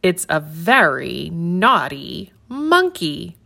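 A woman reading a children's story aloud in an expressive, sing-song way. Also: on the low side, slow.

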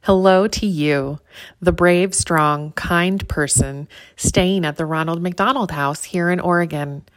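A woman reading a rhyming children's picture book aloud, with a warm, rhythmic delivery. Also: lowish voice, takes it slowly, no echo. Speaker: volunteer story reader.

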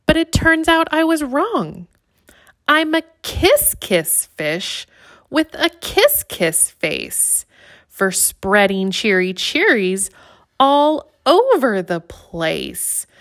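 A woman's voice: sits high, big pitch swings, a little slow, fairly bright tone, no room sound, voice pushed up, heavily acted. A woman voicing a glum, gloomy male fish in a storybook reading, with a mopey sing-song refrain. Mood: cheery.

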